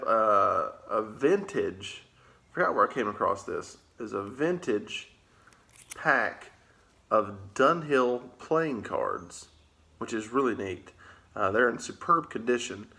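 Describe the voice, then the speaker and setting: A man's voice: medium pitch, sharp tone. A man with a Southern US accent chatting casually in an easygoing, rambling way, with plenty of filler words. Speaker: pipe-smoking vlogger. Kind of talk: casual chat.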